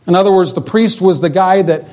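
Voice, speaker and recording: With a high voice and a slightly fast delivery, a male pastor delivers an animated sermon. He poses rhetorical questions to the congregation, his voice rising and falling.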